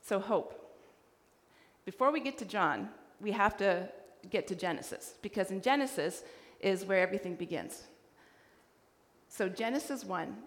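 A woman's voice: mid-range voice, a little slow. Woman preaching in a reverberant church hall. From Canada. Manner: animated storyteller acting out dialogue. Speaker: guest preacher. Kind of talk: storytelling sermon.

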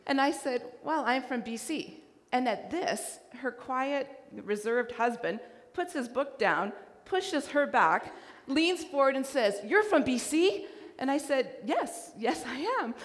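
A woman's voice: high voice, slow pace, hardly any pauses. A Canadian woman giving a sermon, telling a story and acting out the voices of people she met. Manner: animated storyteller acting out dialogue. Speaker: guest preacher. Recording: hall reverb.

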